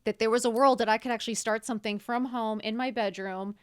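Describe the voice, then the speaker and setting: A woman's voice: a little high, steady tone, quick pace, clear, resonant tone. Blunt, foul-mouthed middle-aged woman. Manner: blunt, swears freely, bursts into laughter. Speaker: podcast guest. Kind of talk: candid conversational storytelling.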